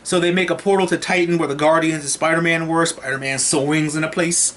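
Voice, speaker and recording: A man recapping a film in a casual, excited, profane and rambling way as a movie reviewer. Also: fairly high pitch, a little fast, a little hiss or hum.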